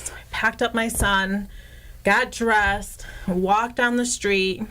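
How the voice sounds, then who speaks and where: A woman guest in a radio studio recounts a story, full of "like" and quick asides. She acts out each exchange in a raised, excited voice, then drops back to easy chat. Her pitch sits right at the middle for a woman. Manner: self-described hothead, casual with many "like"s. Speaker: guest, local realtor.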